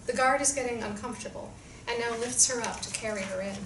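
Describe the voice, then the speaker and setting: A woman reading stage directions aloud in a screenplay reading, in a clear, measured way. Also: a little high, fairly bright tone. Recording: roomy distant sound with background noise.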